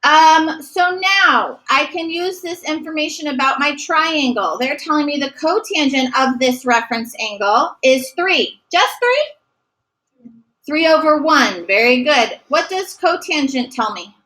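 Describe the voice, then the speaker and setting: A woman teaching a math lesson, asking questions and answering them herself with quick praise, explaining each step slowly and carefully. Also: high-pitched, animated, sharp tone, poor audio. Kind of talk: recorded classroom math lesson.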